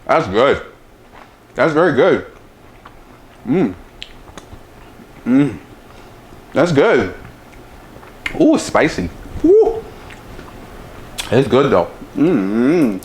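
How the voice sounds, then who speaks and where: Savoring hums fill this casual cooking demo, where a male cooking show host and chef tastes his food and talks with his mouth full. He speaks in a mid-range voice at a slow, relaxed pace, over a little hiss or hum.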